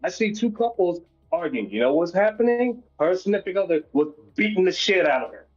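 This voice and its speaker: A man with a slightly high voice rants in heated bursts over a voice call. His audio comes through dull and lo-fi, with faint music playing underneath. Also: very animated, brisk. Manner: angry ranting. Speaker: voice chat participant. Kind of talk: heated casual discussion. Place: at his workplace.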